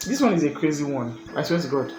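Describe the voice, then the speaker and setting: A young man telling a comic breakup story in an animated, exasperated, rambling way. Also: on the high side, fast talker, a little hiss or hum. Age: young adult. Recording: echoey room, music behind.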